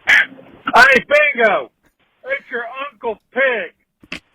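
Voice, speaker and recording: A man's voice: very high voice, wildly swooping pitch, extremely slow, sharp tone, a little hiss or hum, full character voice. A man voicing a crude, folksy old uncle who leaves a rambling, drawling voicemail. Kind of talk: comedic voicemail sketch. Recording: tinny phone voicemail.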